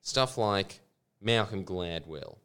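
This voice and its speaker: A man's voice: deep voice, animated, takes it slowly, fairly bright tone, clear, resonant tone. A man hosting a casual podcast, sardonic and profane, often slipping into mocking voices. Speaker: podcast host. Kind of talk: casual chat.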